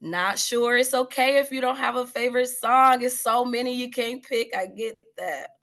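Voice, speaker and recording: A woman's voice: a little high, normal speed, fairly bright tone. A woman leading an online training session over a video call, affirming each participant and calling out encouragement. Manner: effusive, affirming, calls out encouragement. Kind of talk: energetic workshop facilitation.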